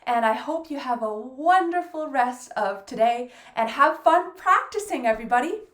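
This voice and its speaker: A woman's voice: sits high, animated, moderate pace, fairly bright tone, reverberant. A woman teaching a fiddle lesson, patiently counting beats aloud and praising often. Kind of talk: encouraging music lesson.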